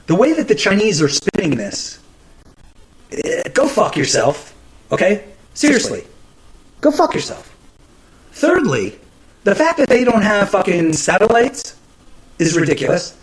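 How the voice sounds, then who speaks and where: A man's voice: sits high, poor audio. A man hosting his own show, ranting about the news in a profane, exasperated way, with frequent stumbles and restarts. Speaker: podcast host. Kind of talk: casual ranting commentary.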